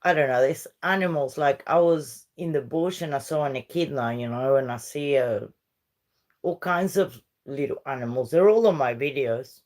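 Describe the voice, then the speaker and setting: A woman's voice: extremely low pitch, moderate pace, a little mellow. A middle-aged woman from Uruguay, a Spanish speaker chatting casually with viewers on a livestream. She rambles and switches between English and Spanish. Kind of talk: casual live-stream chat.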